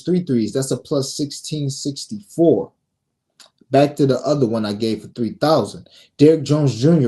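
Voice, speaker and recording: A man's voice: medium pitch, dark tone. A man hosting a sports betting show, reading picks in a brash, profane, casual way and scolding his viewers.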